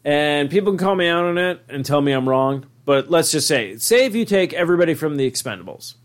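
A man in casual podcast chat, excitable and profane, pitching ideas with animated storytelling. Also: fairly quick.

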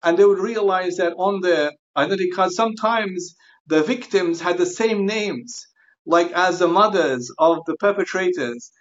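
A man speaking as a guest scholar on a podcast, earnest and halting, often repeating and restarting words. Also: high voice, highs cut off. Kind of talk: podcast interview discussion.

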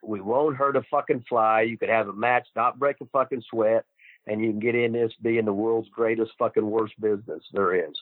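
A man's voice: on the low side, steady tone, normal speed, dry recording. Profane older man on a tinny phone line. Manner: swears constantly, acts out quoted dialogue. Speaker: guest wrestler and trainer. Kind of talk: profane storytelling.

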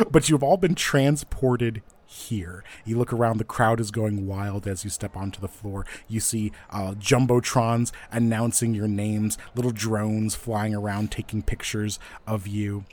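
A man's voice: on the low side, measured pace, a bit bright, slight background noise. A man narrating and running a tabletop role-playing game in a playful manner, with frequent fillers. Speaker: game master.

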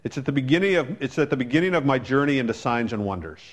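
A man's voice: medium pitch, lively intonation, fast talker. A man preaching a sermon as a pastor, telling a personal story in a conversational way with wry asides.

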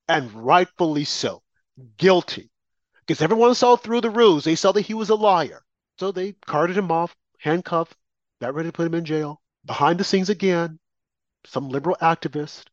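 This political commentator, whose voice sits a little high, holds forth in an opinionated monologue full of emphasis, repetition and mockery. The recording is dry and lo-fi, a bit muffled, without room sound.

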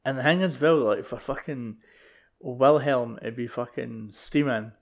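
Gravelly scottish man agreeing along. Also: medium pitch, measured pace. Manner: short agreeing replies, sweary. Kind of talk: casual film discussion.

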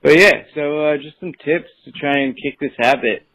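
A man's voice: fairly high pitch, normal speed, fairly bright tone, poor audio. A man calling in with a voicemail, asking for advice in a hesitant, rambling way full of fillers. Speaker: voicemail caller. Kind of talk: recorded voicemail message.

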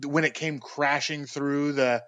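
A man's voice: on the high side, fairly even intonation, a little slow, fairly bright tone, no echo, muffled recording. A man co-hosting a podcast, chatting in an easygoing way with nerdy enthusiasm. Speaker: podcast co-host. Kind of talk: casual pop-culture chat.

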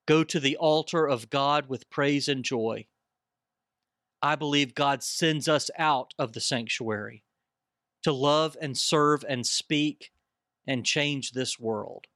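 A man's voice: medium pitch, slow pace, fairly bright tone, no echo. Man, earnest preacherly tone, bible study panel, dry close sound. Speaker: discussion panelist.

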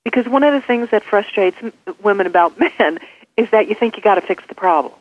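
A woman's voice: mid-range voice, expressive, fairly quick, no echo. Woman advising over a tinny phone line. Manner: practical, gives numbered step-by-step advice. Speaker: author and guest expert. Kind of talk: interview on a call-in line. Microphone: telephone.

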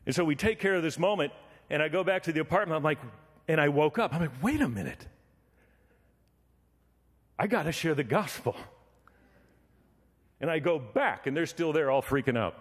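A man's voice: fairly high pitch, fast talker, long reverb tail. A man preaching a sermon, telling a story and acting out the voices in it. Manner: animated, acts out voices in his story.

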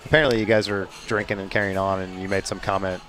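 Casual male host, low voice, easygoing questions over faint music. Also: quick pace. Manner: relaxed, filler-heavy questioning. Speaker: interview host.

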